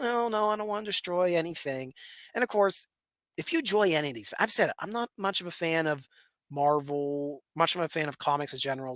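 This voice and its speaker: A young man with a Western Pennsylvania accent talks through a solo commentary in a high, bright, forward voice. He rambles, restarts and repeats words, now and then chuckling. The sound is close and dry, with no room around it. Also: no room sound. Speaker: podcast host.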